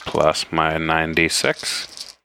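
A man's voice: rumbling low, completely flat delivery, very slow, gravelly, bright, forceful tone, a little hiss or hum. A laid-back man playing a tabletop game who declares his character's actions. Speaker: player. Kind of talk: casual tabletop play.

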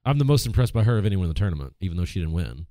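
A man co-hosts a casual podcast, easygoing and quick to laugh. His voice is very deep and dark, and he talks fast. The sound is dry and close. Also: sing-song, no echo. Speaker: podcast co-host. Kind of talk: casual chat.

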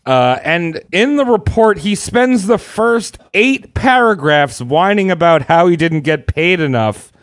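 A young man with a slightly high voice tells history in a loose, irreverent, swear-heavy way, chuckling along. The sound is dry and close, with no room echo. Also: expressive, unhurried, hardly any pauses. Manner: irreverent, profane, laughs while telling. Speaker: podcast host telling a history story. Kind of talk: casual storytelling chat.

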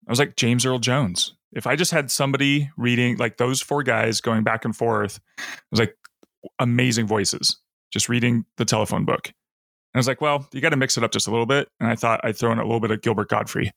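Male podcast co-host with a gravelly voice, dry close sound, playful and talkative. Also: medium pitch, fairly even intonation, a little fast, a bit bright, dry recording. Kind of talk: casual chat.

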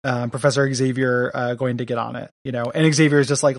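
A man co-hosting a casual comic book podcast, talking in a loose, rambling way full of ums and restarts. His voice sits in an ordinary middle pitch. The recording is dry and close. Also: steady tone, fast, hardly any pauses, no echo. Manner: rambling, many fillers, reads villain lines aloud. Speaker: podcast co-host.

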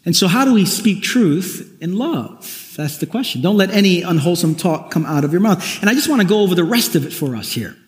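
A man's voice: high voice, very animated, fairly quick, hardly any pauses. A man preaching a sermon as pastor, talking conversationally with wry asides and frequent restarts. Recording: echoey hall, long reverb.

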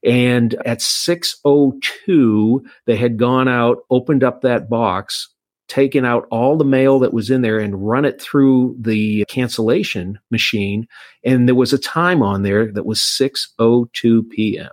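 A man's voice: medium pitch, a little slow, no echo. A man who works as an insurance agent, telling a long personal story in a casual, rambling way with frequent restarts. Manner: anecdotal, many restarts.

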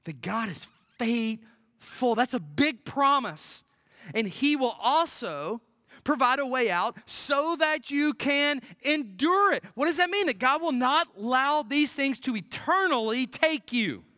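Pastor, sermon, emphatic repetition, sudden hushed asides, crisp bright tone, dry close sound. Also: sits high, animated, measured pace, no room sound. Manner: swings from forceful declarations to hushed near-whispers; emphatic, repeats key phrases.

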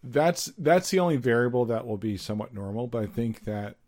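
A man's voice: medium pitch, animated, a little fast, darkish tone. A man co-hosting a podcast, chatting casually and giving opinions, thinking aloud with lots of fillers. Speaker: podcast co-host. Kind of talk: casual chat.

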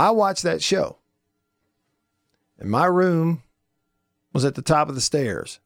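A man hosting a radio show, telling stories in a folksy, animated way and laughing often. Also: fairly high pitch, no echo, clean studio sound. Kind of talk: casual radio talk and storytelling.

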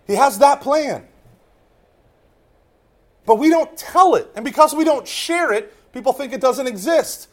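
A man giving a lively faith talk to a room of listeners, swinging from loud emphasis to hushed asides and often checking in with "right?". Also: very high-pitched, unhurried, long pauses. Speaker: Catholic speaker.

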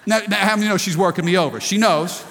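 A man's voice: high voice, quick pace, a bit bright, long reverb tail, a little hiss or hum. A pastor in his forties preaching a sermon, with frequent rhetorical questions calling for the congregation's response. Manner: preacherly, calls for audience response.

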